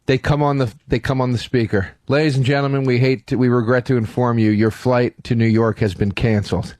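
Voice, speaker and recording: A man's voice: mid-range voice, a little fast, no echo, studio quality. Man ranting through a comic travel story. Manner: animated storyteller who acts out his own yelling. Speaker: co-host. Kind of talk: comedic podcast storytelling. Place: radio studio.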